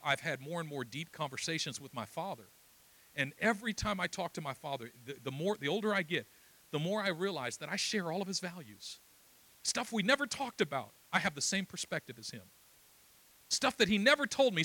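A man's voice: on the high side, lively intonation, brisk, pushed and bright. A middle-aged man preaching a sermon with passion, telling stories and acting out dialogue. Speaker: pastor.

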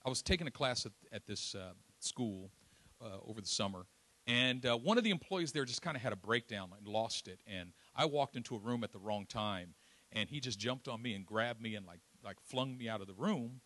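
A man from East Oakland preaching a sermon, telling a personal story with lively acted-out quotes and self-deprecating asides. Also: mid-range voice, a little fast, dry recording. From East Oakland, California. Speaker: pastor.

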